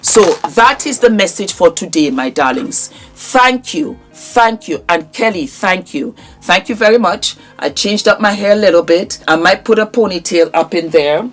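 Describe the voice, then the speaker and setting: A woman in her fifties talking warmly and emotionally to her viewers in a casual vlog. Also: mid-range voice, animated, moderate pace, hardly any pauses, faint music behind. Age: 50s. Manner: warm, emotional, grateful. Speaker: vlogger.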